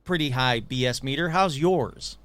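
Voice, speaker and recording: A man's voice: mid-range voice, normal speed, fairly bright tone, clean tone, no echo. A middle-aged man hosting a podcast, chatting with his guest in a chummy, enthusiastic way. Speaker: podcast host. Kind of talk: casual interview chat.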